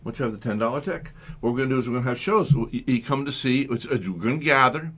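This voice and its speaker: A man's voice: mid-range voice, quick pace, slightly rough. A man hosting a live comedy talk radio show, joking and acting out little scenes. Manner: animated, jokey, acts out voices, laughs often. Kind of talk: comic radio banter.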